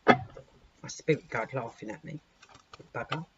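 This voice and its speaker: A woman with a sore, hoarse throat gives a casual tarot reading, chatty and swearing lightly as she talks to her cards. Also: rumbling low, a little slow. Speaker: tarot reader. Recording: muffled recording with clear background noise.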